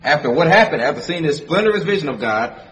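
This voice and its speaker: A man's voice: on the high side, expressive, quick pace, a bit bright. A man preaching a sermon who reads scripture aloud and explains it conversationally, repeating phrases for emphasis. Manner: reads scripture in King James wording, then explains it conversationally. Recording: distant mic with faint background noise.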